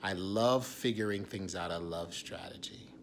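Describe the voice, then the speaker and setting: A man in his forties, an actor, talking candidly in a confessional vlog, raw and intense, often dropping to a hushed whisper and swearing freely. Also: low voice, normal speed, a little hiss or hum. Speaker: actor and writer.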